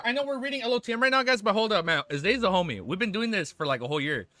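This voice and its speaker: A young man livestreaming, chatting casually with his chat and reading a web novel aloud, excitable and swearing freely. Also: fairly high pitch, fast talker, no room sound, soft background music.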